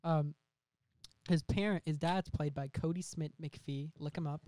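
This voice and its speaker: Young man, comedy podcast host, rambling pitch, giggly, dry room. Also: fairly even intonation, unhurried, dark tone, no echo. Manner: giggly, acts out characters in silly voices.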